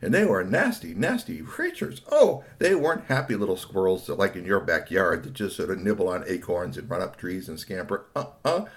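A man telling a children's story aloud, swooping between hushed asides and excited bursts. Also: low voice, brisk, few pauses.

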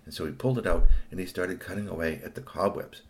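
A man telling an improvised children's story in an animated, playful way. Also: low-pitched, fast.

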